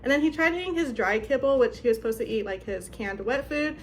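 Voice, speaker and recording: A woman's voice: on the high side, quick pace, slight background noise. A young woman vlogger telling a story in a casual, chatty way, filling her talk with "like". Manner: chatty, lots of "like", animated retelling.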